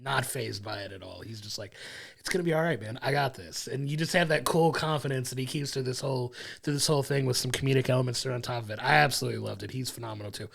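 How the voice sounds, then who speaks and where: Male podcast co-host, gravelly mid-range voice, eager and rambling film chat. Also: medium pitch, fast talker, few pauses, a bit bright. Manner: enthusiastic, rambling, laughs along. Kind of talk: casual film review chat.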